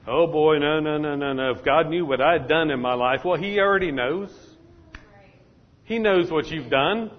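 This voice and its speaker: A pastor with a fairly high voice preaches a sermon at a normal pace, addressing the congregation directly and repeating his points. His style is repetitive call-and-response preaching, and the recording has a dull, echoey hall sound.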